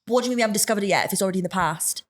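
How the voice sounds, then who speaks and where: A woman's voice: mid-range voice, rapid-fire. A young woman co-hosting a podcast, chatting casually in a rambling, sweary, teasing way. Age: young adult. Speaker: podcast co-host. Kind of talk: casual chat.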